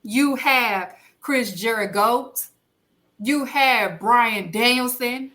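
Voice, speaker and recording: A young woman hosting a podcast award show in a slow, unhurried way. Her voice is high and bright. She reads out winners and chats playfully with her co-hosts. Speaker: podcast host. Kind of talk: casual award-show chat.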